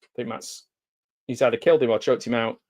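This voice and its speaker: A commentary host reacts live to a TV episode in a watch-along, chatting and joking at a quick clip in a medium-pitched voice. Excited outbursts and laughter break in regularly.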